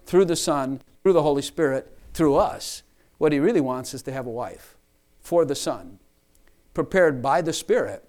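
A man preaching a sermon to his church, emphatic, repeating and rephrasing lines for stress. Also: medium pitch.

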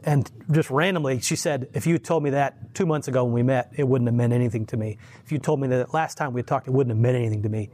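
A man's voice: medium pitch, darkish tone. Man, informal sermon, conversational storytelling, frequent restarts, easy chuckles. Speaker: lay preacher.

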